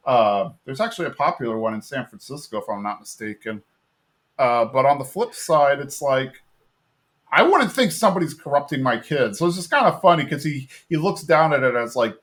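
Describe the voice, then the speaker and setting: A man's voice: medium pitch, fairly bright tone. A man co-hosting a podcast, recapping a cartoon episode in a rambling, casual way and quoting characters in a raised voice. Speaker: podcast co-host.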